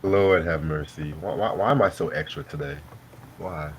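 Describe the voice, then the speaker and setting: His voice rumbles low at a moderate pace, with slight background noise in the clip. He's a live-stream host eating dinner and chatting casually, his banter loose, profane and full of laughs.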